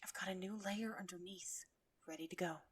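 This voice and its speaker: A woman voicing a shy winged scaly creature, speaking in a hushed, hesitant whisper. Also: lowish voice, fairly even intonation, normal speed, slightly rough. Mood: reassuring.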